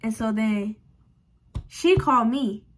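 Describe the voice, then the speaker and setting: A young woman vlogger telling a storytime in a casual, animated, slangy and frank way. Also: a little high, slow pace.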